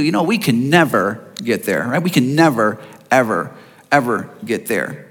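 A man preaching a sermon in an expressive way, asking his listeners rhetorical questions. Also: medium pitch, moderate pace, breathy edge, in a large hall, faint music behind. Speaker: pastor.

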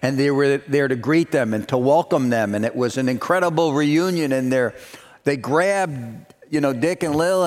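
In a reverberant hall, a pastor with a medium-pitched voice preaches a sermon at a moderate pace. He tells a story, then builds to emphatic, repeated declarations.

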